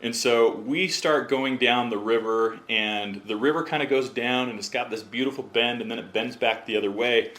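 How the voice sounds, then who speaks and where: A man who is a podcast guest, telling a story in a casual, animated way and acting out what others said. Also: mid-range voice, normal speed, hardly any pauses. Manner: animated, acts out quotes in other voices.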